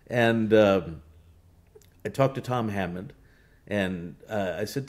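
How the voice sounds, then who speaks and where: A man, a horse racing announcer, telling stories in a relaxed interview, with many restarts and fillers. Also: low-pitched, unhurried. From United States. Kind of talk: casual interview talk.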